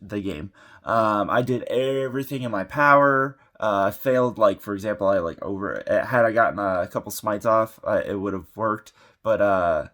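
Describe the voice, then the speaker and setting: A man's voice: fairly low pitch, a bit bright. A man hosting a tabletop gaming channel, giving a casual, rambling recap of his game with many fillers and restarts while getting over an illness. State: sick.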